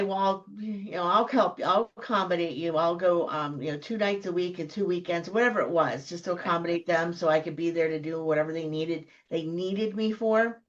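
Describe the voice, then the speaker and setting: A woman from Florida, a guest in casual storytelling chat, animated and acting out the voices of people in her stories. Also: lo-fi sound. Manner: animated, acts out quoted voices with big pitch jumps.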